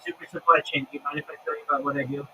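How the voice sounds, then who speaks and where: A man hosting a livestream, chatting with callers and giving an upbeat, salesman-like pitch about himself, often repeating his phrases. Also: level tone, racing, far from the mic, noisy background. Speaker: livestream host. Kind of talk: casual livestream chat with callers.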